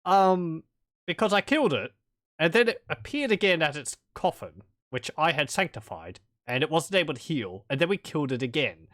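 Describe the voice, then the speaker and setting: A man's voice: fairly high pitch, sing-song, normal speed, a bit bright, dry recording, studio quality. A man casually commenting on a game as he plays, with wry, rambling asides and chuckles. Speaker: let's play commentator.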